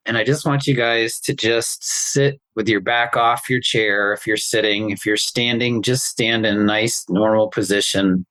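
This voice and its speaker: A male pharmacist host leading a group through a calm guided breathing meditation on a video call, in slow, soothing instructions. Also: medium pitch, dry recording, low-quality recording.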